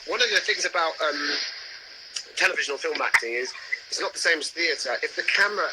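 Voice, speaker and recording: A man's voice: on the high side, animated, fairly quick, heavy background noise. A man, an actor, chatting casually on a live video stream, rambling and often restarting his sentences. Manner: chatty, rambling, self-interrupting. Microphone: video call.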